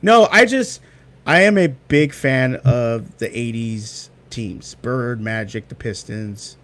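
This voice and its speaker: A young man chatting as a guest, animated and fond of acting out what people said. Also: mid-range voice, slow pace. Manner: animated storyteller, acts out quotes. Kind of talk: casual chat.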